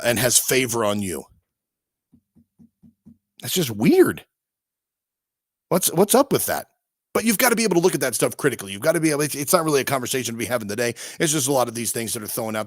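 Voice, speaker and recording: A man's voice: mid-range voice, dry recording, studio quality. A man co-hosting a casual talk show, rambling through opinions with many restarts. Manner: rambling, frequent restarts and fillers, animated. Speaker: podcast co-host.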